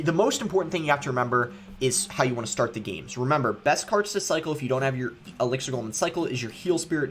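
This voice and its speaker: A man's voice: medium pitch, a bit bright. A young man casually commenting on his own gameplay as he plays, thinking aloud with frequent ums. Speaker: gaming YouTuber.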